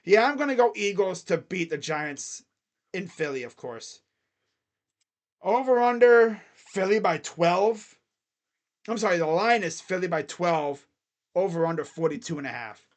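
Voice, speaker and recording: Excitable man rambling over football picks. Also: sits high, normal speed. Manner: rambling, excitable, thinks aloud. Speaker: sports picks channel host. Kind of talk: casual football picks talk.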